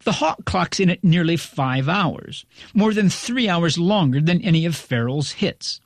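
A male critic reading a scripted review in a wry, articulate, measured way. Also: fairly high pitch, lively intonation, no room sound, studio quality.

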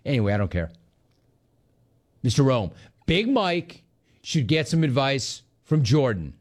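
A man's voice: mid-range voice, big pitch swings, measured pace. A man hosting a sports talk show, reacting to callers and news in a sarcastic, mocking way and laughing often.

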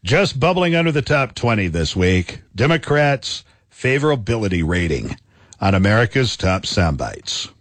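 A man hosting a weekly radio countdown of news soundbites, in upbeat announcer style with drawn-out emphasis. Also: lowish voice, big pitch swings, dry recording.

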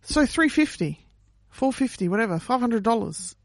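A woman's voice: fairly high pitch, lively intonation, normal speed, dry recording. A woman co-hosting a casual chat over a video call, playful and chatty, asking questions between giggles. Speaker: podcast co-host.

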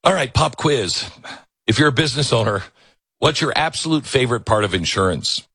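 A man with a slightly husky voice hosting an opinionated talk show. His pitch swings widely as he rants and mocks. He sounds close and dry, with no room around him. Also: expressive, brisk, fairly bright tone, no echo. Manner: sarcastic, ranting, mock voices, jumps high when mocking. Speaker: talk radio host. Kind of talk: opinionated talk show monologue with host-read ad.

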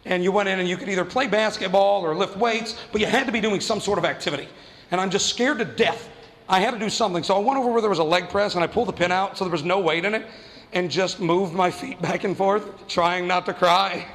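A man doing stand-up comedy, telling a story fast and animatedly and acting out the voices of the people in it. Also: high-pitched, a bit bright, big-room sound. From New Mexico.

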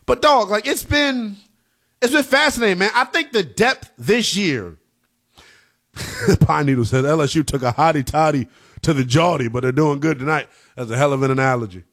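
A man hosting a sports talk radio show, energetic and slangy, with a hyped delivery. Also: a little high, moderate pace.

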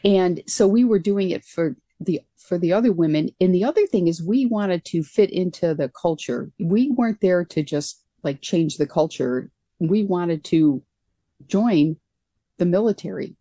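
A woman's voice: on the low side, moderate pace, dark tone, dry recording. A woman guest being interviewed about her years as a pilot, speaking earnestly and conversationally with frequent restarts. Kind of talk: conversational storytelling.

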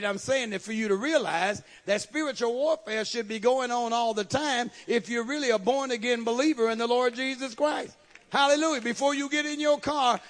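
A male pastor preaching a sermon, calling out to the congregation and building to shouted passages. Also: very high voice. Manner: call-and-response preaching, rising to shouts.

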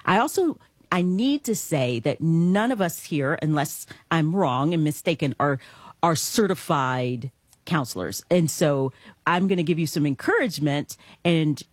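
Woman radio host, lowish voice, dry studio sound, pastoral manner. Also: animated, unhurried, no room sound. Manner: warm affirming murmurs, pastoral. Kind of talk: Christian call-in radio show.

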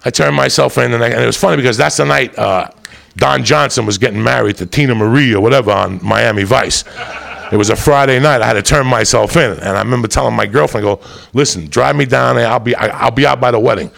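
A man's voice: medium pitch, quick pace, vocal fry, a bit bright. A man telling a long story in casual chat, rowdy and profane, full of asides to the listener. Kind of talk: casual chat, crime anecdote.

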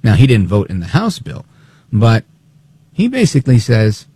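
A man hosting opinionated political talk radio, animated and snide, acting out quotes as he talks. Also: on the low side, moderate pace, breathy edge, no room sound.

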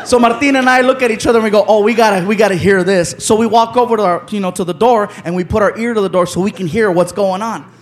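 A stand-up comedian telling a story on stage, animated and laughing as he acts it out. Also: high voice, quick pace. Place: comedy stage before an audience. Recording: live club with loud crowd noise.

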